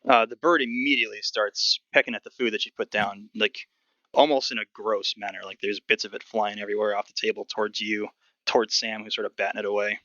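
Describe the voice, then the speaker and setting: A man narrating as game master of a tabletop game, relaxed and descriptive, with many fillers. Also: lowish voice, brisk, no echo, muffled recording.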